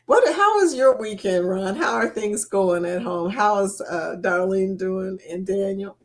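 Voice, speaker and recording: A woman chats casually on a live stream. She speaks at an unhurried, easy pace, greeting viewers one by one and breaking into giggles often. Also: mid-range voice, expressive. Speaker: livestream host. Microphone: laptop mic.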